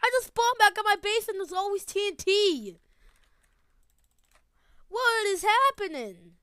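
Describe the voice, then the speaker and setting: A woman giving excitable gameplay commentary, laughing often and repeating her phrases. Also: extremely high pitch, takes it slowly, no echo. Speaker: gamer.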